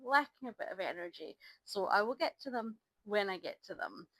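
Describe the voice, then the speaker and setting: A middle-aged woman, talking casually to camera in a rambling, chatty way with lots of ums and restarts, a little low on energy. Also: expressive, brisk, fairly bright tone, no echo, rough recording. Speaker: crafting vlogger. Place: at home by an ironing board.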